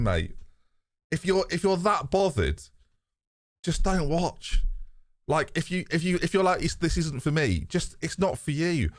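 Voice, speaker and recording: A man's voice: on the high side, sing-song, a little slow, no echo. A British man hosting a live stream, chatting candidly to his viewers in a rambling way, swearing freely and laughing often. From Britain. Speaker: streamer and host. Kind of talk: casual live-stream chat.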